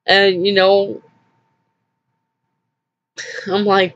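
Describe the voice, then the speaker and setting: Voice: mid-range voice, steady tone, unhurried, long pauses, muffled recording. A vlogger telling a personal story in a rambling, hesitant way, with nervous little laughs, sounding upset and drained.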